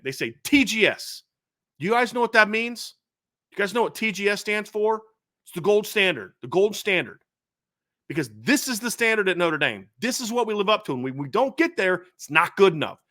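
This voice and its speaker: A man's voice: high voice, a bit bright. A middle-aged man hosting a sports show, delivering a fired-up, emphatic commentary rant with lots of repetition. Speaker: sports podcast host.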